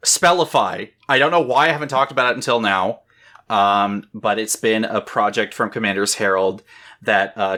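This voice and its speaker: A man co-hosting a podcast in casual chat, excitable and swearing freely, with lots of "um". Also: lowish voice. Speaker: podcast co-host.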